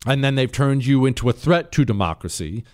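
A man's voice: mid-range voice, expressive, brisk. A man hosting a talk show, speaking in a heated, emphatic and mocking way. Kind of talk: opinionated political talk.

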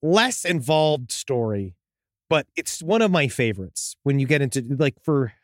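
A man co-hosting a casual true-crime podcast, animated and joking, swearing freely. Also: medium pitch, measured pace, no echo, studio quality. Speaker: podcast co-host.

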